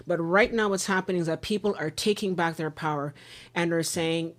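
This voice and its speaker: A woman's voice: fairly low pitch, steady tone, brisk. Earnest rambling woman podcast host. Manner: rambling, repeats words, earnest. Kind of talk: emotional casual discussion.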